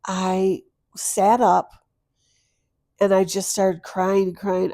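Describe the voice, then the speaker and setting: A woman's voice: medium pitch, little pitch movement, measured pace, no room sound, studio quality. Earnest middle-aged woman sharing grief. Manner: tearful, earnest, swings from soft to loud. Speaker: podcast guest. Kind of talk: emotional personal storytelling.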